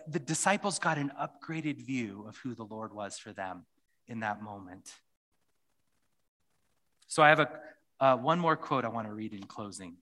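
A man's voice: medium pitch, bright, forceful tone. A man preaching a sermon and leading a closing prayer, speaking earnestly and often repeating phrases. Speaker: pastor.

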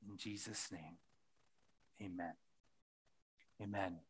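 A man's voice: medium pitch, measured pace, a bit bright. A man preaching a sermon and leading a closing prayer, speaking earnestly and often repeating phrases. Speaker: pastor.

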